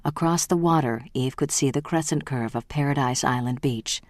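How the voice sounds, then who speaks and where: Brief: steady novel narrator, mid pitch, close and dry. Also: moderate pace, dry recording. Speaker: audiobook narrator. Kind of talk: scripted narration.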